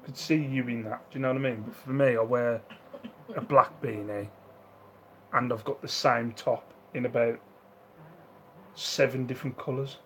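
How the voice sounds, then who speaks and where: A man's voice: medium pitch, fairly even intonation, moderate pace, pauses often, fairly bright tone, slight background noise, poor audio. A man chatting casually on a live stream at home, reading out viewer comments, laughing often and acting out the voices of people in his stories. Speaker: live-stream host reselling second-hand goods.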